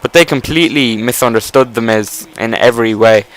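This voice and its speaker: A man's voice: mid-range voice, fairly quick, fairly bright tone, low-quality recording. A man giving casual gameplay commentary, rambling enthusiastically with frequent restarts and casual swearing.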